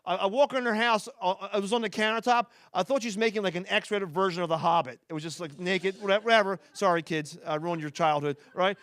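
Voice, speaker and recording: Man, Philadelphia accent, stand-up comedian, rapid rambling delivery, fairly high pitch, smooth clear tone. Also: fairly bright tone. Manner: fast-talking, rambling with restarts and asides to the audience. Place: stage before a live audience.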